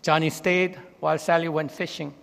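A man's voice: level tone, normal speed, gravelly, a bit bright, long reverb tail. A man preaching a sermon in a church, telling stories and voicing the people in them. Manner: storytelling, voices quoted characters with raised pitch. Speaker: pastor. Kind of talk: sermon with anecdotes. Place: church sanctuary.

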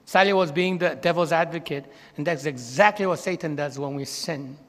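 A man's voice: normal speed, a bit bright, long reverb tail. A man preaching a sermon in a church, telling stories and voicing the people in them. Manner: storytelling, voices quoted characters with raised pitch. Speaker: pastor. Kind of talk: sermon with anecdotes. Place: church sanctuary.

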